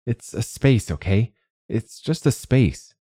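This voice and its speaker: A man's voice: medium pitch, animated, slow pace, mellow, husky, no room sound, studio quality, pitched above the performer's own voice. A man voicing a stubborn, exasperated young refugee woman who protests bluntly.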